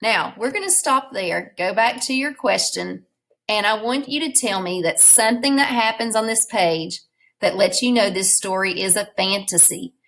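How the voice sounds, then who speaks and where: A woman's voice: mid-range voice, normal speed, creaky, fairly bright tone, rough recording. A woman teacher reading a storybook aloud in a recorded class lesson, patiently explaining words and prompting her students.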